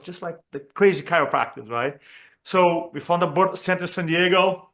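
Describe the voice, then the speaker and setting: A man from Brazil, a communication trainer telling a personal story during a talk for chiropractors, earnest and expressive as he acts out the dialogue. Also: on the high side, normal speed. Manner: earnest and expressive, acts out quoted dialogue, with frequent fillers and restarts.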